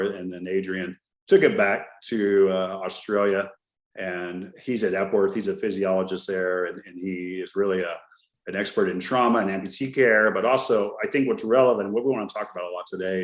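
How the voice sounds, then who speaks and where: A middle-aged man hosting a podcast, talking in a loose, jokey way and spinning stories as he goes. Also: fairly low pitch. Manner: chatty storyteller, jokey and loose. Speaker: podcast host. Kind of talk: casual chat. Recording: roomy echo.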